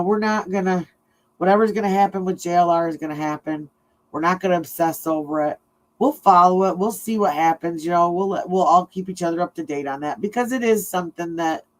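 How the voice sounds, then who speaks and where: A woman's voice: low-pitched, rough recording. A middle-aged woman chats casually into a home microphone while hosting a livestream. She tells rambling stories and keeps breaking into laughter. Her talk is loose and friendly, with plenty of restarts. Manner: chatty, laughs often while telling stories. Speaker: true crime livestream host.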